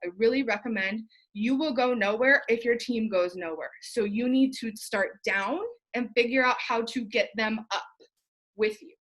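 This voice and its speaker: A woman's voice: a little high, normal speed, a bit bright. A young woman, feverish, giving a rambling, fired-up motivational talk to her sales team, joking and swearing casually. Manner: fired-up, rambling, profane and jokey, with asides and laughs. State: sweaty and feverish. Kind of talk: motivational live video talk.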